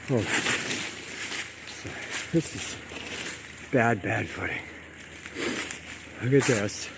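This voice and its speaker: A man's voice: mid-range voice, sing-song, takes it slowly, pauses often, noisy background. A man filming a casual walking vlog outdoors by a canal. He sounds amazed, repeats himself and addresses his viewers, and he is out of breath from climbing. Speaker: vlogger exploring brick ruins.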